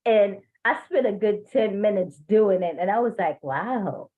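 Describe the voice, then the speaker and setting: A woman's voice: medium pitch, moderate pace, a crowd in the background. Woman sharing over a tinny call line. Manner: rambling and open, with self-conscious laughs. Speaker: course participant on a call. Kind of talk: personal sharing.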